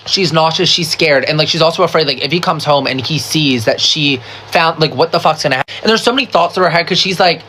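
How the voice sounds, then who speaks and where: A woman telling a storytime while getting ready, gossipy and animated, swearing freely and packing every sentence with "like". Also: low voice, quick pace, hardly any pauses, slight background noise. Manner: animated and profane, full of "like" fillers; gossipy, talks straight to the viewer with "girl" and "baby". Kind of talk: casual get-ready-with-me storytime.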